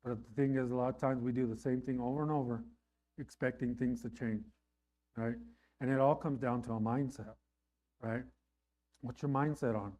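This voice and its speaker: A man's voice: mid-range voice, fairly even intonation, moderate pace, pauses often, mellow. A man preaching a sermon in an earnest, conversational way, often checking in with his listeners. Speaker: pastor.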